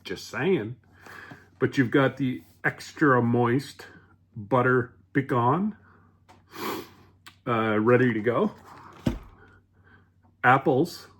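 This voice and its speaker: A man's voice: medium pitch, drawn-out words, pauses often, fairly bright tone, breathy edge. A man casually rambling through a home cooking vlog, chatty and full of fillers, restarts and asides.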